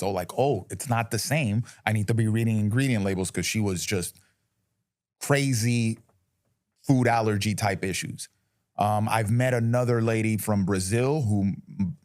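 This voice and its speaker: A man's voice: fairly low pitch, darkish tone, no echo, clean studio sound. A man co-hosting a casual talk show, blunt and opinionated, rambling with frequent restarts. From United States. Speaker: podcast co-host. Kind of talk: casual chat.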